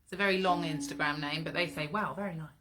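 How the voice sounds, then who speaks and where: Relaxed woman reading comments on a live stream. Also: deep voice, fast talker, noisy background. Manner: relaxed, reads viewer comments aloud. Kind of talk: casual live-stream chat.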